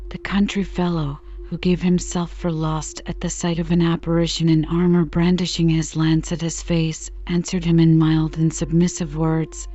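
A woman narrating a classic novel in a calm, soothing bedtime reading. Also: low voice, muffled recording, faint music behind. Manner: calm, even, unhurried.

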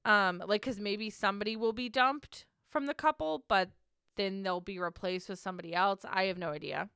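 Woman podcast co-host, bright and crisp, blunt and chatty recap delivery. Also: medium pitch, no echo, clean studio sound. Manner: chatty, laughs often, blunt. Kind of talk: casual recap chat.

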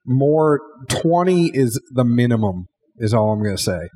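A man's voice: mid-range voice, sing-song, a little slow, warm tone. Man, podcast host, casual, joking, rambling, hotel bar. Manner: chatty, joking, rambling thanks. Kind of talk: casual interview wrap-up.

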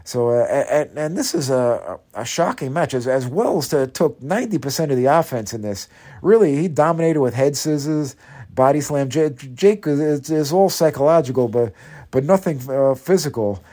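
A man's voice: medium pitch, lively intonation, moderate pace, mellow. A man from Long Island, New York, casually reviewing an old wrestling match on a podcast, rambling with many fillers and restarts. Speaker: podcast contributor.

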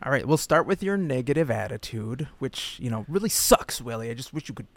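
A man's voice: mid-range voice, lively intonation, fairly quick, no echo. Playful young male podcast co-host. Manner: playful, reads posts aloud, laughs often. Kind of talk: casual chat.

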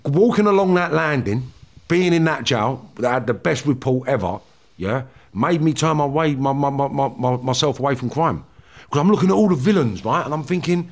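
A man's voice: mid-range voice, expressive, normal speed. A former offender telling his story with heavy swearing, emphatic and acting out what people said. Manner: swearing, emphatic, acts out quotes. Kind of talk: animated storytelling in conversation.

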